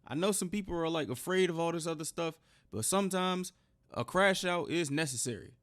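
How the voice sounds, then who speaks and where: Man, reaction host, a bit high-pitched, casual, profane commentary. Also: lively intonation, fairly quick, fairly bright tone. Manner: blunt, swears, slangy interjections.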